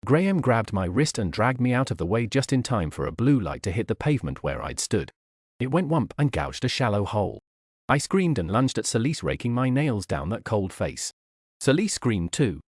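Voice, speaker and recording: A man narrating an audiobook in an expressive, wry manner on a studio mic. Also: fairly low pitch, moderate pace, slightly rough, no room sound.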